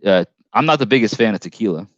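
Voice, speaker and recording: A man's voice: lowish voice, lively intonation, quick pace, no echo, highs cut off. A man hosting a casual live stream, reading chat comments aloud in a rambling, jokey way with frequent restarts.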